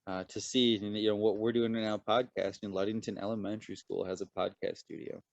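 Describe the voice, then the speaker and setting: A man as a podcast guest, a lively storyteller who swears casually in relaxed chat. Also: fairly low pitch, fairly quick, gravelly, no echo.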